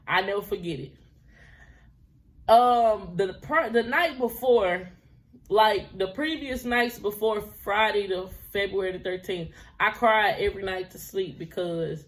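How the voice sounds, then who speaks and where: A woman in her twenties telling a personal story to her viewers in a casual, chatty way. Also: medium pitch. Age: 20s. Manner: chatty, laughs often, drifts into quoted dialogue.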